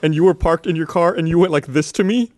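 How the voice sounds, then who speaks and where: A man's voice: on the high side, fast talker, a little mellow. A man telling a funny story in casual chat, laughing as he goes. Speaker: podcast regular.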